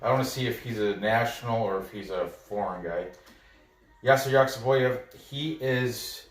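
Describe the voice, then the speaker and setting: At normal speed and medium pitch, a man loosely breaks down soccer games for bettors, talking through his thoughts and stumbling on names. The sports betting analyst is captured by a faraway mic in a roomy space.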